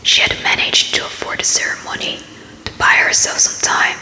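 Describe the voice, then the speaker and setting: A woman ASMR book reader narrating a story as whispered role-play, in a slow, steady, unvoiced whisper. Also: echoey room, low-quality recording.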